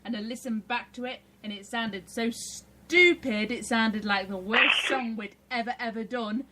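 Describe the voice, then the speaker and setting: A woman's voice: fairly high pitch, measured pace, very noisy. A woman with an English accent co-hosting a chat show, teasing and giggling often. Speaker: co-host. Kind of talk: casual chat.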